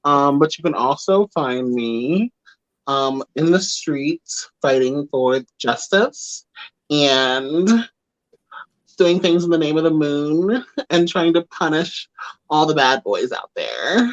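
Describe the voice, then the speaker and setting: A man in drag as a co-host, chatting casually and laughing as he introduces his look on a live stream. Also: fairly high pitch. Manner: slow, relaxed, laughing introduction. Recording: dull lo-fi stream audio.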